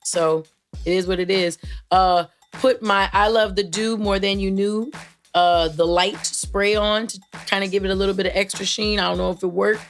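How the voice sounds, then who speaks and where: A woman hosting her own show, chatting to listeners in a playful, rambling way with fillers and shout-outs. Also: medium pitch, fairly even intonation, moderate pace, faint music behind. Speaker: podcast host. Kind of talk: casual solo chat to listeners.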